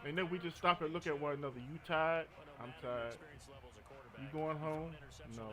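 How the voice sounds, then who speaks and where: High, bright-voiced man streaming a game. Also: normal speed. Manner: joking, storytelling, frequent laughter. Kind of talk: casual gaming commentary.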